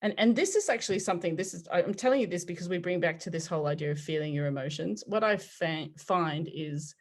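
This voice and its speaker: A woman in her forties, a podcast guest telling personal stories in an animated way, often laughing and acting out what people said. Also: fairly low pitch, quick pace. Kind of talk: conversational storytelling.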